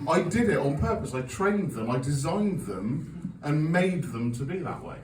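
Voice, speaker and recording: Sweary comic, lively pitch, roomy. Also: male voice, unhurried, slight background noise. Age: 40s. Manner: sweary, self-mocking storytelling with an audience laughing along. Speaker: stand-up comedian. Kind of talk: stand-up comedy set. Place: comedy club stage. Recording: echoey venue, taped from a distance. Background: audience laughter.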